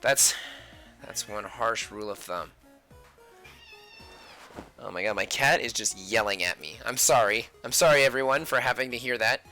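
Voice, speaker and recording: A man's voice: on the low side, moderate pace, pauses often, bright, forceful tone, soft background music. A man chatting casually at home while he draws on a live stream, often muttering and whispering to himself as he sketches. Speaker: artist live-streaming his drawing.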